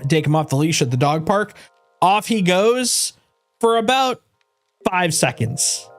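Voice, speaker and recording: A man's voice: high voice, lively intonation, measured pace, faint music behind. A man chatting casually on his game livestream. He rambles with restarts and laughs, and coos at his dog in doting baby talk. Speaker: game streamer.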